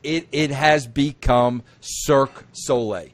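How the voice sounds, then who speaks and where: A man's voice: medium pitch, slow pace. Emphatic man hosting a wrestling talk. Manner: emphatic, repetitive, rising to excited outbursts. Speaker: interview host.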